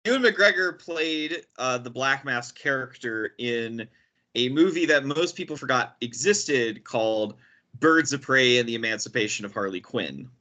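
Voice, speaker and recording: Male podcast host, bright mid-range voice, quick lore explainer, lots of restarts. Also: mid-range voice, expressive, highs cut off. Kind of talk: casual chat.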